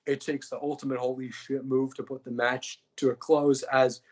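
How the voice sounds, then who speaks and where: A man's voice: medium pitch, flat delivery, normal speed, darkish tone, poor audio. A young man, a podcast co-host, casually recapping fantasy-booked wrestling matches, rambling and joking with lots of fillers.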